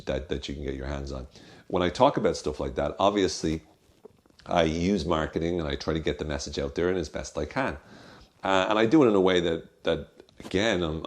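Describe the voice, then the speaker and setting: A man's voice: extremely low pitch, darkish tone. A man hosting a podcast in a candid, chatty way, with frequent fillers and some swearing. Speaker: podcast host. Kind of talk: casual solo podcast talk.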